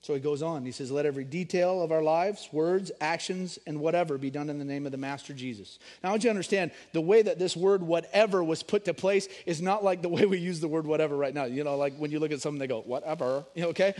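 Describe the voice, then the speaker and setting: A middle-aged man delivers a sermon in a slightly raised voice. He is animated, pushing key words loudly and then dropping low for quiet stories. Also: quick pace, few pauses. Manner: animated, swings between loud emphasis and hushed storytelling. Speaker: pastor.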